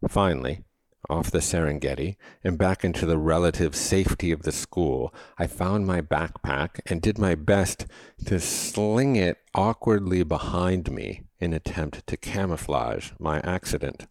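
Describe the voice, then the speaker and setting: A middle-aged man, a podcast host, reading his own reflective essay in a wry, measured, confessional way. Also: low-pitched, a little mellow, no room sound. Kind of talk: reflective first-person essay narration.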